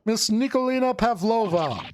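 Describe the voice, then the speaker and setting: A man's voice: very high-pitched, lively intonation, moderate pace, faint music behind. A man reading a grandiose, triumphant detective. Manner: grandiose, formal read-aloud delivery. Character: brilliant, theatrical male detective.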